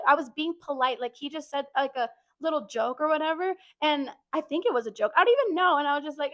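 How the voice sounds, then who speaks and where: A young woman telling a workplace story in casual, animated chat, full of fillers like "like". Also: sits high, a little fast, few pauses, no room sound. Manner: animated, chatty, lots of "like". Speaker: podcast co-host.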